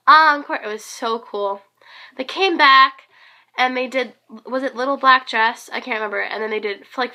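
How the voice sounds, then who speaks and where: Teenage girl, hoarse, high-ish voice, sharp and bright tone, rambling gushy vlog chat. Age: teens. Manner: rambling, gushing, many fillers. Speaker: concert fan vlogger. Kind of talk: casual vlog recap.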